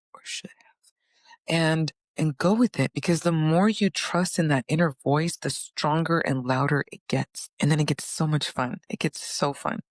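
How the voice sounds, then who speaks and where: A woman telling her personal story in an earnest, animated way, acting out inner voices and conversations as she goes. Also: deep voice, dry recording, studio quality. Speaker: vlogger.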